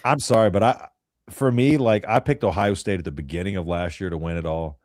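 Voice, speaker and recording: Deep-voiced young man, opinionated sports chat. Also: brisk, darkish tone, no echo, clean studio sound. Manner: opinionated, rambling, frequent throat clearing, says bro. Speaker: co-host of a sports call-in show.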